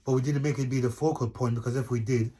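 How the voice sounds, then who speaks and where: A man's voice: medium pitch, fairly even intonation, fast talker, warm tone, slightly rough. A young adult man, chatting in an easygoing way as co-host, often checking he is understood. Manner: easygoing, laughs often, repeats "if you get what I mean". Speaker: co-host of a couples channel. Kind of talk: casual chat.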